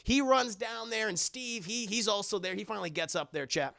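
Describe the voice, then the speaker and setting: A streamer recaps a movie for chat in a loose, rambling way, swearing freely and laughing along. The voice has a gravelly fry under a bright, forward tone. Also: medium pitch, brisk, no echo, clean studio sound. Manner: rambling, profane, laughing often.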